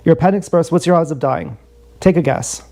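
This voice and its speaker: Young male streamer, mellow tone, a touch high, meandering and profane, jokey story delivery. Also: fairly quick, creaky. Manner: meandering, profane, joking, repeats himself. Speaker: livestreamer. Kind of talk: rambling livestream storytelling.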